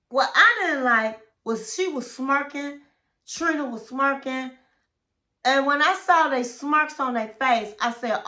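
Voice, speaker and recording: A woman's voice: sits high, takes it slowly, pushed and bright. A woman hosting a casual reality TV recap, telling the story in a chatty, gossipy way and acting out what people said. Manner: chatty, gossipy storytelling that acts out quoted lines.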